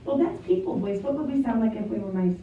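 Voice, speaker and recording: Animated high-voiced woman storyteller for kids. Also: fast talker, a little hiss or hum. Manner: animated, inviting children to join in. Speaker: storyteller and teacher. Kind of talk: interactive storytelling for children. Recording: echoey, distant, dull, piano behind.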